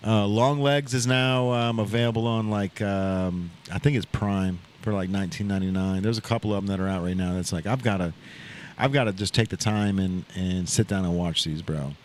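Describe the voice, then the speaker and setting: A man's voice: on the low side, fairly even intonation, a little fast, a little hiss or hum. Rambling man telling a story, casual chat. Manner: rambling storyteller, heavy on "like" and "bro". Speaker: podcast host. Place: open shop at a riverside shopping center.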